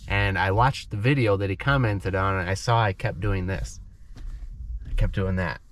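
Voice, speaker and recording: A man with a congested, stuffy nose from a cold, telling a personal story slowly and clearly as an English lesson, often checking in with "okay?". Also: sits low, slight background noise. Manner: slow, clear, explains vocabulary, checks in with "okay?". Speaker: English teacher, channel host.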